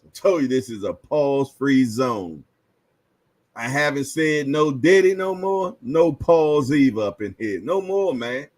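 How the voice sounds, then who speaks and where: A relaxed male boxing show host chatting loosely in slang, laughing often and repeating himself. His pitch swings widely as he talks, slow and unhurried, with a dry, close sound. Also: no room sound. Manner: laid-back slang, frequent laughs, repeats "yeah, yeah". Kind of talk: casual livestream chat.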